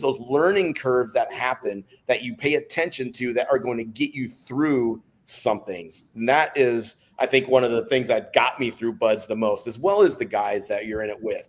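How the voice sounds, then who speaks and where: A former Navy SEAL in his fifties is a guest in a casual interview, animatedly telling stories from his life and laughing between them. He speaks at normal speed with medium pitch and few pauses.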